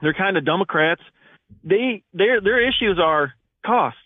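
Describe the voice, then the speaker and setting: A man's voice: high-pitched, expressive, measured pace, no echo. A man from Michigan calling in to a radio talk show, talking in an indignant, rambling way with restarts. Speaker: caller. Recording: phone-line call.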